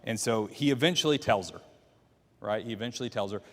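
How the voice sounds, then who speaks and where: A man's voice: medium pitch, fairly quick, long reverb tail. A man teaching a Bible class, walking listeners through the story by quizzing them with questions. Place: church classroom.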